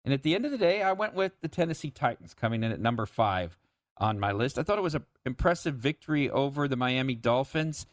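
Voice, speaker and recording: A man hosting a sports betting show, talking in a relaxed, conversational way with occasional stammers. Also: mid-range voice, fast, dry recording, studio quality. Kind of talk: casual sports betting chat.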